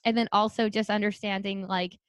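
A young woman speech therapist talks shop on a podcast in a quick, chatty way, peppering her speech with "like". Her voice sits at a middle pitch and the recording is dry and close, with no room sound. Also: little pitch movement, clear, resonant tone, dry recording. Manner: quick, chatty, frequent "like" fillers. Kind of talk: casual podcast chat.

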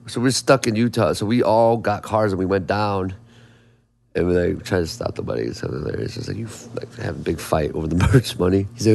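Man, lower voice, rambling, swearing, casual interview storytelling. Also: brisk, gravelly, a little mellow. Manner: rambling, profane, many restarts. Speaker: songwriter and producer guest.

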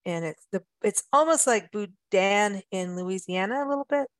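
A woman's voice: medium pitch, lively intonation, normal speed, no room sound. A woman from Africa, hosting a travel radio show in casual chat, chatty and playful with frequent laughs. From South Africa.

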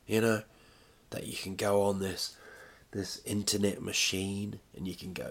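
A man's voice: fairly low pitch, flat delivery, unhurried, vocal fry, a bit bright. A man talking at home in a casual, rambling monologue, chatty and self-deprecating, drifting from one story to the next. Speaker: vlogger.

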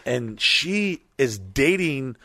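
A man's voice: medium pitch, sing-song, drawn-out words, bright, forceful tone, dry recording. A man telling a rambling, profane story in casual chat.

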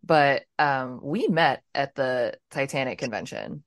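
A woman's voice: rumbling low, a little slow, no room sound. A woman hosting a casual podcast interview, encouraging her guest to tell their story. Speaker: podcast host.

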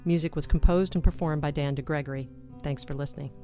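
Low-voiced woman podcast host. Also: fairly even intonation, fast talker, mellow, soft background music. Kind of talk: casual podcast hosting and sign-off.

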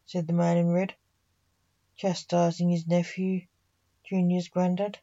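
Woman, storyteller, scripted story narration, low voice, dull lo-fi home recording. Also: little pitch movement, unhurried, dark tone.

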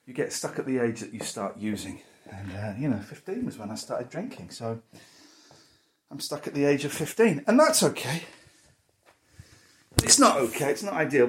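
Candid man in his forties, rambling. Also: a little high. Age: 40s. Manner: rambling, candid, talks to his dog between thoughts. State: out of breath from stairs. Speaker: vlogger. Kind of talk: casual chat while packing. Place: home, indoors.

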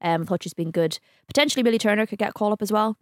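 A woman's voice: medium pitch, racing, no room sound, studio quality. A woman co-hosting a football podcast, chatty, enthusiastic and teasing. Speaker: podcast co-host. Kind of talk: casual football chat.

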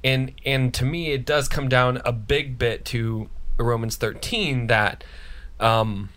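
A man's voice: mid-range voice, fairly even intonation, slow pace, a bit bright. A young American man co-hosting a faith podcast, talking loosely with jokes and frequent restarts. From United States. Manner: joking, loose, with many restarts. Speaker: podcast co-host. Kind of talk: casual faith podcast chat.

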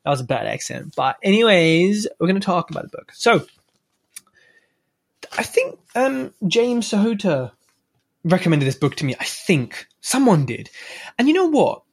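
A man's voice: high voice, sing-song, measured pace, pauses often. A man hosting a podcast, giving a casual, chatty solo book review with offhand swearing and self-mocking asides. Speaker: podcast host.

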